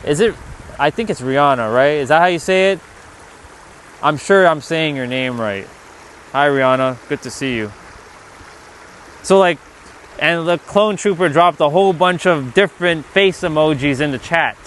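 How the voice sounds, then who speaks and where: A man's voice: fairly high pitch, normal speed, pauses often, fairly bright tone, slight background noise. A man hosting a casual spiritual livestream, rambling loosely, reading the chat and swearing now and then.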